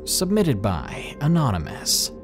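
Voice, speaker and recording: Male horror narrator: slow, hushed, dramatic read with a lively, rising and falling pitch over soft background music. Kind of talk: scripted horror story narration. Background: faint background music.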